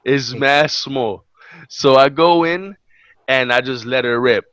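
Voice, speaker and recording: A man's voice: medium pitch, takes it slowly, clean tone, no room sound. A young man tells a story in casual podcast chat, cursing often and slipping into quoted voices. His voice sits mid-range and the recording is dry and close. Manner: animated, profane, acts out quotes. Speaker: podcast co-host.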